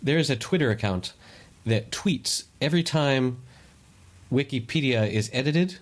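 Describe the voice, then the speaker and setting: A man's voice: mid-range voice, lively intonation, a little slow. A man co-hosting a podcast in casual chat, giving meandering explanations with many restarts. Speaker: podcast co-host.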